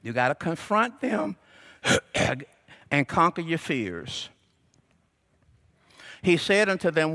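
High, bright-voiced preacher man. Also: big pitch swings, takes it slowly, long pauses. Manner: call-and-response preaching, rising to shouts. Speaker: pastor. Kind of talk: sermon. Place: church sanctuary.

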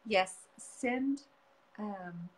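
A woman's voice: medium pitch, extremely slow. A woman hosting a casual craft livestream, chatty and upbeat, talking straight to her viewers over a video call. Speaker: host of a painting livestream.

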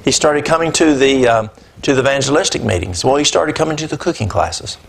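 A man preaching a sermon, telling a personal story in a conversational, animated way. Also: medium pitch, fairly quick, gravelly, slight background noise. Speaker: pastor. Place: church.

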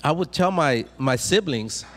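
A man's voice: a little high, lively intonation, measured pace, a bit bright. A man telling humorous personal stories to a student audience. He is chatty, often checks in with "right?", and repeats and restarts his words. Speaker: motivational speaker to students. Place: large hall, speaking to a student audience. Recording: long hall reverb.

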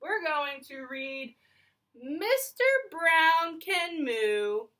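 A young woman leads circle time for small children, speaking slowly and clearly. Her voice is high and lively, swooping up and down as she praises and prompts. Her tone is warm and encouraging throughout. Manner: singsong, encouraging, slow and exaggerated for kids. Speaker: preschool teacher. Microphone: phone or camera held close, adjusted mid-video.

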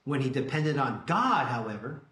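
A man's voice: medium pitch, very animated, fairly bright tone. Earnest man preaching in an echoey room. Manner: earnest preaching, slows to stress scripture. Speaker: pastor. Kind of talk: sermon. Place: church sanctuary.

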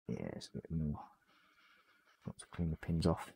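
A man hosting a live hobby stream, hoarse and losing his voice, casually talking through a miniature build and apologising. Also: extremely low pitch, very animated, moderate pace, dark tone. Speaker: hobby livestream host.

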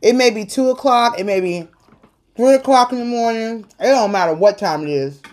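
A woman host speaking earnestly about faith and perseverance in a casual chat, talking like a sermon and protesting loudly when teased. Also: fairly high pitch, normal speed. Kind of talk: casual faith talk on an eating show.

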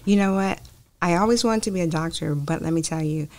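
A woman being interviewed as a guest, telling her story in an animated, expansive way. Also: lowish voice, brisk. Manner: animated storyteller, talks at length. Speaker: interview guest, foundation founder. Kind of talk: casual interview talk.

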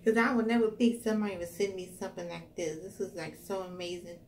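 Speaking fast in a mid-range, somewhat mellow voice with fairly even intonation, a young woman unboxes gifts for her vlog over slight background noise. She gushes, tears up a little, keeps saying "wow," and talks to y'all.

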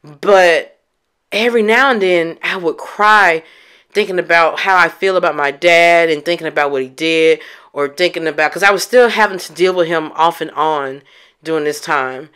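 A woman's voice: lowish voice, moderate pace, a bit bright, clear, resonant tone. A woman hosting a podcast, telling a personal story in a candid, emphatic way and addressing listeners directly. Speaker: podcast host.

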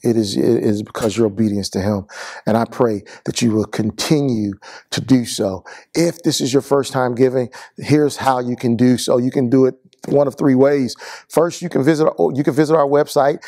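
A man preaching as pastor, giving announcements and a closing benediction, earnest and repetitive, going slightly hoarse. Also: mid-range voice, dark tone, dry recording, studio quality. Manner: earnest, repeats words, rising to a fervent benediction. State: losing his voice.

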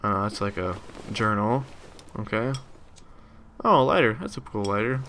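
Bright-voiced young man doing game commentary. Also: fairly low pitch, animated, normal speed, gravelly, slight background noise. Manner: jokey, loud, swearing, mock-dramatic outbursts. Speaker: gameplay commentator. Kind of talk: let's play commentary.

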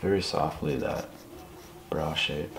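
A man quietly talking through a live portrait drawing in his apartment, soft-spoken with nervous asides. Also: a bass voice, fairly even intonation, slow, reverberant, background noise. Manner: soft-spoken, murmured, self-conscious asides. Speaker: artist demonstrating drawing. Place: apartment room, indoors.

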